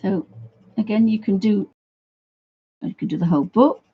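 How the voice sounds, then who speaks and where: A woman's voice: mid-range voice, moderate pace, slightly rough, dull audio. A woman hosting a casual live painting lesson, chatting to viewers with friendly asides and frequent restarts. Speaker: art tutor, livestream host. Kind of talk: casual live craft demonstration.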